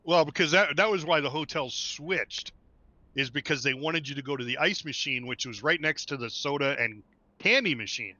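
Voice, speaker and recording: Bright-voiced man chatting on a stream. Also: on the high side, moderate pace, dry recording, highs cut off. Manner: talkative, laughs often, explains at length. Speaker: livestream host. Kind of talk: casual gaming stream chat.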